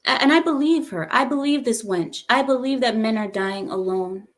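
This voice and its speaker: Heated woman host ranting in reaction commentary, pitched a bit high. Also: animated, normal speed, few pauses. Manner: heated, emphatic, repeats herself.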